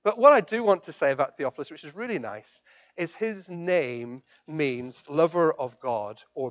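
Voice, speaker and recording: A man preaching a sermon as pastor, swinging from loud emphatic declarations down to soft, quiet questions. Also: fairly high pitch, expressive, normal speed, dull audio. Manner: impassioned, rising to loud emphatic declarations then dropping soft.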